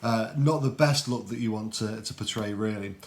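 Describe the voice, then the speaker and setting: A man's voice: on the low side, normal speed. A man giving an earnest, reflective devotional talk, with frequent ums and restarts. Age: adult. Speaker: Christian video host.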